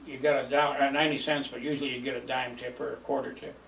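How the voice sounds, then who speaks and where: Gravelly older man reminiscing, chuckling. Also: medium pitch, little pitch movement, quick pace, a bit bright, a little hiss or hum. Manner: rambling, chuckling, lots of fillers. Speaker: storyteller. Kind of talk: reminiscing oral history. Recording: roomy, distant mic, faint ambience.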